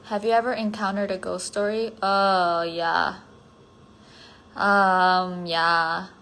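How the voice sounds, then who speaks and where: A woman's voice: medium pitch, little pitch movement, slow. A tired woman chatting casually on a livestream, answering fan comments and rambling with lots of filler words. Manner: rambling, many "like" fillers, drifting thoughts; drops to a soft near-whisper at times. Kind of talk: casual chat on a solo phone livestream.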